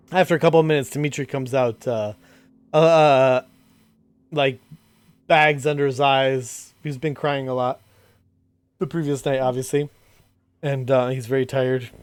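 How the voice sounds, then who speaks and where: A man's voice: mid-range voice, clean tone, dry recording. A man narrating as game master in a tabletop game, casual and full of fillers.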